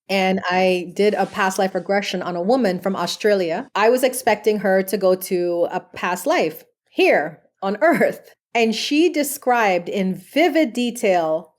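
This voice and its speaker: A woman speaks as a podcast guest, earnest and chatty, telling stories about her spiritual work. Her voice sits at an ordinary middle pitch, and her talk is loose, with casual fillers. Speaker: guest, spiritual medium and past life regression therapist. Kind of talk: podcast interview.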